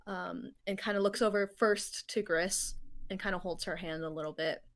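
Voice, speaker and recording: A woman narrating her character in a tabletop game, hesitant and gentle, with many pauses. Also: on the low side, steady tone. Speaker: player.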